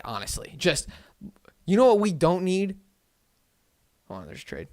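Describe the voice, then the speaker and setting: A young man hosting a live watch-party stream, reading chat aloud and ranting, swinging between loud outbursts and low muttered asides. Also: wildly swooping pitch, moderate pace, pauses often. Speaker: livestream host.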